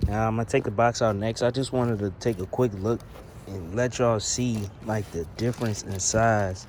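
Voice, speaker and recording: A man's voice: fairly low pitch, fairly even intonation, moderate pace, noisy background. A young man giving a casual, slangy, profane unboxing commentary outdoors beside a car, filming on a handheld phone. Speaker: car audio vlogger.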